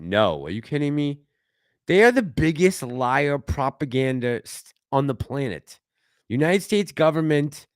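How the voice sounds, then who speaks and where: A man's voice: medium pitch, dry recording, clean studio sound. A man hosting a casual livestream, reading viewer comments aloud and reacting to them in a chatty way. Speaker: livestream host reading chat.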